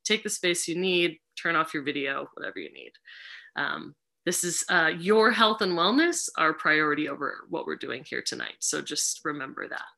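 A woman facilitates a guided ritual over a video call. Her voice sits a little low but rings bright and clear. She talks gently, unhurried, with plenty of ums and uhs. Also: very animated. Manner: gentle, unhurried, many fillers.

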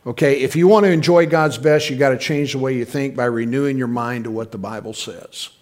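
A man's voice: medium pitch, brisk, a little mellow. A middle-aged man preaching a sermon in a folksy, conversational way, with frequent asides to the congregation. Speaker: pastor.

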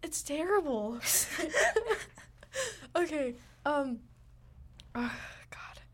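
A woman's voice: high voice, big pitch swings, extremely slow, fairly bright tone. A teenage girl from Minnesota co-hosting a casual radio chat show, rambling with lots of fillers and giggles. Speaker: co-host. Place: radio studio.

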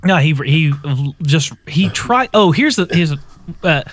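Halting, chatty podcast man. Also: on the high side, lively intonation, a bit bright. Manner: halting, many restarts and fillers, laughs often. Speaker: podcast co-host. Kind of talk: casual chat about a movie.

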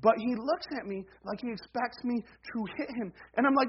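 A man with a very high voice preaches a sermon in a loose, conversational way, tossing in "right?" as he goes. He builds repeated refrains with real emphasis. The recording sounds a little dull and lo-fi. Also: normal speed, slightly rough. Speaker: pastor.

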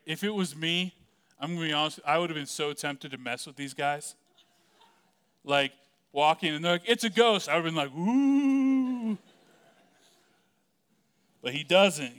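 A man's voice: on the high side, a bit bright, clean tone. A man preaching a casual, conversational sermon, joking often and leaning on "like" as a filler.

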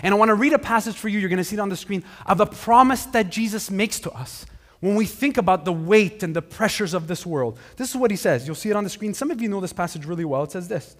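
High-voiced pastor in a reverberant hall. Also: male voice, fast talker. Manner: conversational, animated with repeated restarts. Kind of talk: sermon.

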